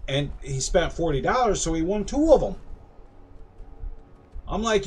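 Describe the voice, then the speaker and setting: A man's voice: sits high, moderate pace. A man on a game stream telling a long story about working a carnival dart booth, acting out the people in raised voices. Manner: animated anecdote, acting out customers in raised voices.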